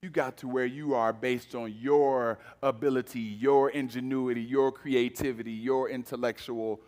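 A man preaching a sermon, moving between emphatic loud passages and hushed, low-voiced lines. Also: fairly even intonation, normal speed. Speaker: pastor. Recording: long reverb of a large hall.

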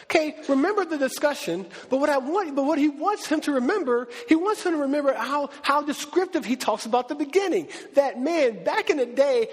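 Guy teaching the bible casually, kinda high voice, lots of hall echo. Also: brisk, few pauses. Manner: animated, conversational, acts out quotes. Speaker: preacher. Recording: reverberant hall.

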